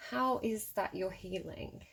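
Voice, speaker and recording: A woman's voice: mid-range voice, takes it slowly, creaky, a bit bright, slight background noise. Chatty woman giving a tarot reading. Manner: chatty, laughing often, addressing the viewer directly. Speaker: tarot reader. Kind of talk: casual spoken tarot reading.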